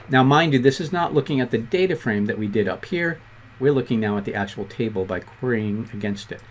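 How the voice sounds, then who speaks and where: Casting note: fast-talking Boston man, mid-pitched, casual coding instructor walking through a screen tutorial. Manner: quick-talking, conversational, self-deprecating asides. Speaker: programming instructor.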